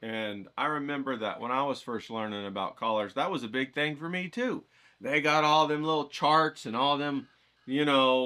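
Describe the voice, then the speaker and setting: A man teaching a casual painting lesson, talking in an animated, encouraging, folksy way. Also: medium pitch, clean tone. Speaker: art teacher.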